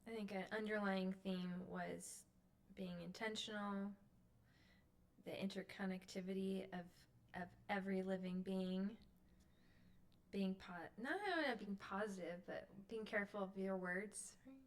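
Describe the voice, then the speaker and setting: A woman's voice: medium pitch, level tone, measured pace. A woman chatting casually as a guest, thoughtful and easygoing. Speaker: co-host guest. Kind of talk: casual conversation.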